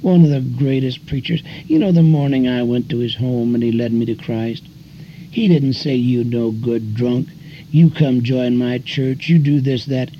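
An older man preaching as an evangelist, telling folksy stories and pushing his voice sharply higher on emphasis. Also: normal speed, slight background noise. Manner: folksy storytelling preacher, voice climbing high in emphasis. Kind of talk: sermon. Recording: dull lo-fi recording with faint music.

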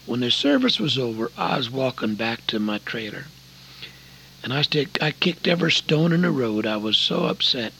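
An older man from Oregon preaching a sermon, earnest and folksy, telling a story with sudden loud emphasis. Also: medium pitch, very animated, fairly quick, creaky, slight background noise, poor audio. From Oregon, USA.

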